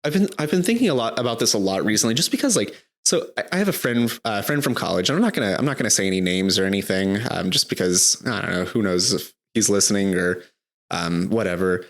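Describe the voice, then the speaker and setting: A young man co-hosting a podcast in casual chat, halting often with restarts and fillers. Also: lowish voice, expressive. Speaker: podcast co-host.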